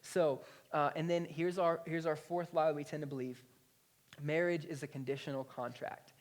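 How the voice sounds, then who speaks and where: A male pastor in his thirties preaching a sermon in a conversational, animated storytelling way. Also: on the high side, normal speed. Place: church.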